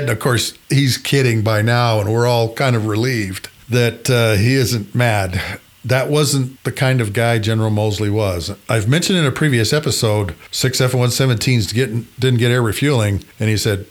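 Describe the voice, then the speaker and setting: A man hosting a podcast, telling a story in a lively, conversational way, sometimes laughing as he speaks. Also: on the low side, normal speed. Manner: animated, conversational. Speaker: podcast host.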